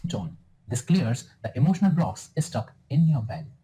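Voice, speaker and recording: A male wellness guide speaking in a very dark, mellow tone at a middle pitch. He talks slowly and soothingly, reading step-by-step advice like a scripted meditation. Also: rough recording. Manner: calm, soothing, instructive. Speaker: wellness guru in a clip. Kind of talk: scripted spiritual self-help narration.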